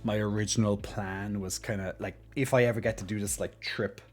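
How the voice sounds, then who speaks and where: A man's voice: on the low side, fairly even intonation, a little fast, a little mellow, faint music behind. An Irish man streaming, chatting casually with viewers in a rambling way full of fillers. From Ireland.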